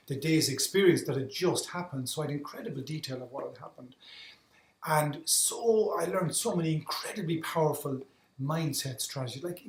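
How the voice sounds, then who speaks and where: An Irish man telling his story as a podcast guest, earnest, often repeating words as he restarts his sentences. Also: a little high. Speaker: guest, endurance athlete. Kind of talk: reflective storytelling in conversation. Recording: roomy echo.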